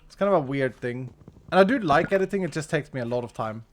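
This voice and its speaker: A man's voice: on the high side, animated, fast talker, a little hiss or hum. A man streaming a game live, thinking aloud and answering his chat in easy commentary. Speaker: streamer playing a modded block game.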